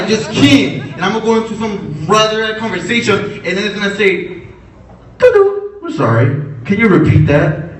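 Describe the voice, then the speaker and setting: A man from Puerto Rico with a Puerto Rican accent, doing an energetic stand-up comedy set on a club stage and working the crowd. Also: on the high side. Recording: echoey room, distant, crowd noise. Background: laughing crowd.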